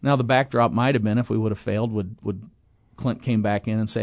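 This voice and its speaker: A middle-aged man with a low, gravelly voice tells his story in a loose, conversational way, full of restarts and quoted dialogue. The sound is close and dry, with no room around it. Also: fairly even intonation, fairly quick, dry recording. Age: 20s in 1997, now middle-aged. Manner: rambling, with many restarts and acted-out quotes. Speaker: guest, apartment property owner. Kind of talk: casual interview storytelling.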